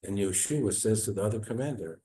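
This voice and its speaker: Rabbi, male, low mellow voice; earnest sermon storyteller, goes soft and quiet at grief. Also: lively intonation, fairly quick. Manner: earnest, retells dramatic quotes, voice drops low and soft at sad moments. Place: synagogue.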